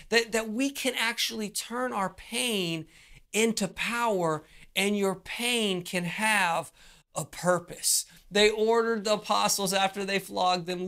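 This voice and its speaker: A preacher delivering a sermon, pausing often and repeating words as they build each point. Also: mid-range voice, pushed and bright, smooth. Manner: slow, deliberate delivery with frequent repeated words and pauses.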